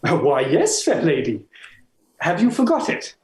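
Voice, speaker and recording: A man's voice: on the high side, a little slow, echoey room, a crowd in the background. A man playing a playful word-loving poet. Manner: lively, savouring phrases, stammering with uh. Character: playful male poet, charmed by words. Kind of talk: Elizabethan stage acting.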